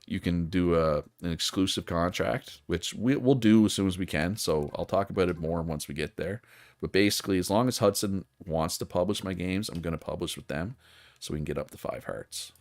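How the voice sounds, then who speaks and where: Deep-voiced chatty male game streamer. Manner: chatty, thinks aloud, frequent fillers and restarts. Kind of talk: casual gameplay commentary.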